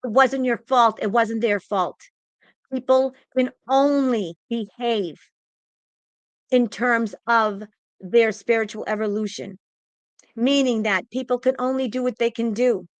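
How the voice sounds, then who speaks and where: A woman's voice: fairly high pitch, fairly even intonation, a little slow, no echo. A woman psychic giving an impassioned spiritual pep talk, emphatic and repetitive, audibly emotional and close to tears. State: tearful, emotional.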